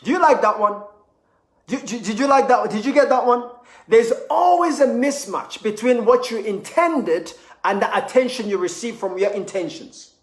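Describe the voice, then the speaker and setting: A man's voice: very high voice, moderate pace. A man giving a motivational seminar talk, emphatic and repetitive, telling stories to make his points. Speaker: motivational speaker. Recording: echoey room.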